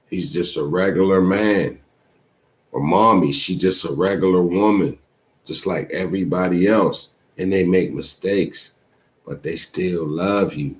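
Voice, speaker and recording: A man hosting a show, speaking in a heartfelt, preachy casual monologue with a habit of saying "man" often. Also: low voice. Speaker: host.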